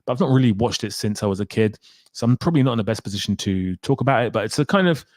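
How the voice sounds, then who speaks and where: A man's voice: lowish voice, lively intonation, racing, a little mellow, no echo, clean studio sound. A young man chatting casually on a live stream, reading out and reacting to viewers' comments with wry humor.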